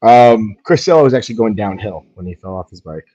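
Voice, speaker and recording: A man's voice: fairly low pitch, expressive, a little fast, warm tone, highs cut off. A man on a casual sports podcast, making blunt, crude, dry remarks. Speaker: podcast co-host.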